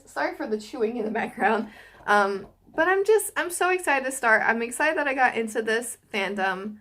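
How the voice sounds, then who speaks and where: Excitable young woman chatting to camera. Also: on the high side, normal speed. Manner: gushing and excitable, lots of fillers. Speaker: YouTuber reacting to a film series. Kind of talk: casual chat to camera.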